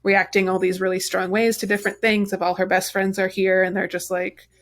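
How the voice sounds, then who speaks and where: A woman's voice: medium pitch, little pitch movement, brisk. Analytical female podcast co-host. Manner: analytical, explains things step by step. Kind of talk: casual chat.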